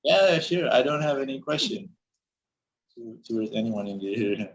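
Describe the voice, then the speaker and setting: Man, english class student, halting speech, lots of restarts, dull lo-fi call sound. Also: mid-range voice, animated, breathy edge. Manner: halting, searches for words, many restarts. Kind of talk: speaking practice in an online class.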